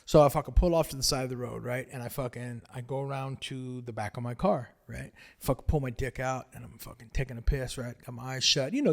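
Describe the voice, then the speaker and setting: A man hosting a podcast, telling a story in a casual chat, animated and swearing constantly as he acts it out. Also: medium pitch. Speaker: podcast host.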